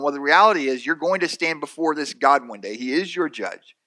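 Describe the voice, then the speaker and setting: A man's voice: a little high, expressive, fairly quick, pushed and bright. A man preaching a sermon in a conversational way, often repeating words and acting out the voices of the people he describes. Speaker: pastor.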